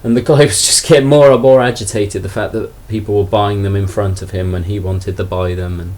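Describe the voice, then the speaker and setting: Low-voiced rambling man. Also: fairly quick, slight background noise. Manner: relaxed, rambling, self-deprecating. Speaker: toy collector vlogger. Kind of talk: casual haul video chat.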